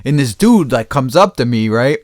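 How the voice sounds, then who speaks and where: Middle-aged male podcast host, swearing, laughing storyteller with an animated delivery, dry recording. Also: medium pitch, moderate pace, no room sound. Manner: profane, laughs often while telling stories. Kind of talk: casual storytelling.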